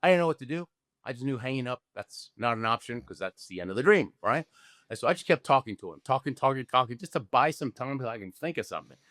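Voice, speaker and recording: A man's voice: mid-range voice, fast talker, no echo, clean studio sound. A man in his sixties from Argentina, a guest telling his story in an interview, acting out dialogue and checking in with "okay?" and "right?". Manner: animated storyteller, acts out dialogue, frequent "okay?" tag questions. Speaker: guest, Olympic luge athlete.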